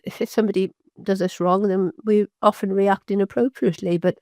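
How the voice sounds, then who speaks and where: Older woman, halting with many restarts. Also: medium pitch, fairly even intonation, warm tone, no echo, studio quality. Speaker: physician guest. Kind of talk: storytelling interview.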